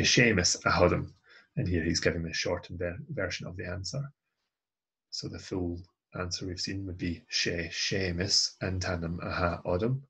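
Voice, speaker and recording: A man's voice: deep voice, vocal fry, a bit bright, husky. A man teaching a recorded language lesson, reading dialogue lines aloud and then translating and explaining them. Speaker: language tutor.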